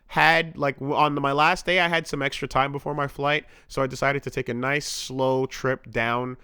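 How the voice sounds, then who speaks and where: A man's voice: medium pitch, little pitch movement, normal speed, sharp tone, clear, resonant tone, dry recording, studio quality. Canadian man rambling on a podcast. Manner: rambling, restarts, swears often. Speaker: podcast co-host. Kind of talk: casual chat.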